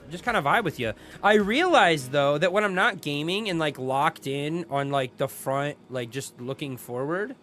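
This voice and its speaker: A man's voice: a little high, a bit bright. A young man hosting a casual livestream chat, laid-back and slangy, greeting viewers and laughing often. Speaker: streamer host.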